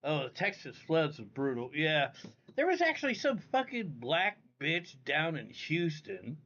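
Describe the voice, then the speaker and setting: A man's voice: a little high, huge pitch swings, measured pace, a bit bright. A man hosting a casual livestream, rambling and cursing freely as he talks straight to his viewers from home. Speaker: livestream host. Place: indoors at home. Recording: dull lo-fi audio.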